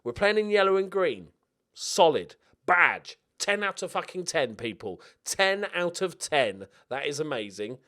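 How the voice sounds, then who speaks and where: A young man giving excitable, jokey let's-play commentary with frequent swearing while talking to himself. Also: on the high side, measured pace. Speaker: video game streamer.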